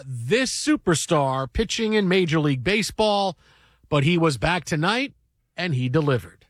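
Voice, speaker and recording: A man hosts a sports radio show in a dry studio, his voice sitting fairly high. He speaks in fast, excited bursts, restarting and repeating his words as he goes. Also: no room sound. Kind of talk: sports radio talk and storytelling.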